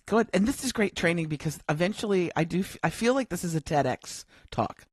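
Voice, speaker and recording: A middle-aged woman speaks as a podcast guest and coach, telling a personal story with animated energy and mimicking the people she quotes. The recording is dry and close, with no room echo. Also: on the low side, brisk, breathy edge. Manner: lively storyteller who acts out quoted dialogue. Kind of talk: casual storytelling interview. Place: home, living in Australia.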